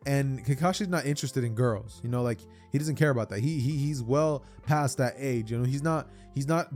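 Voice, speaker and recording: A man's voice: mid-range voice, a little fast, hardly any pauses, a little mellow, faint music behind. A young man casually telling a fan-fiction story, rambling with stammered repeats and many fillers.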